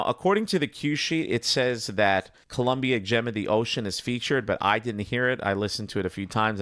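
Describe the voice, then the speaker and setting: A man's voice: on the low side, a bit bright, clear, resonant tone, no room sound, clean studio sound. A man hosting a casual cartoon commentary. He talks in a chatty, digressive way. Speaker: host.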